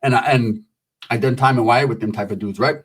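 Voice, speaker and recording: A middle-aged man telling a comic street story, animated and profane. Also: mid-range voice, brisk, slightly rough.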